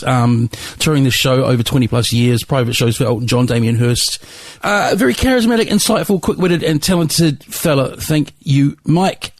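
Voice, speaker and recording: A man's voice: medium pitch, darkish tone, no echo. A male podcast host wrapping up an episode in a rambling, hesitant way full of fillers. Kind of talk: solo podcast outro.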